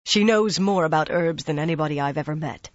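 A narrator voicing a guarded, hard young man who speaks softly yet harshly in a storybook reading. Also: medium pitch, brisk, dry recording, highs cut off, lightly acted. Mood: hard, tense. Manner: soft-spoken but harsh.

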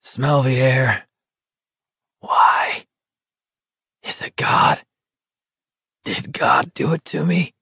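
A man reading the part of a sick, feverish young man in a weak, raspy whisper, speaking slowly and plaintively. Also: mid-range voice, sharp tone, no room sound, clean studio sound, voice pushed up, full character voice. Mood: weak, pleading. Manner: halting, slow, plaintive.

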